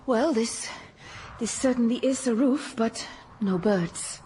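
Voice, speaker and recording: An actress playing a melodramatic Swedish former sweetheart in a radio comedy, rambling and breathy. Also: female voice, on the high side, slow, warm tone, a little hiss or hum. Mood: wistful. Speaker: lead character in radio sitcom.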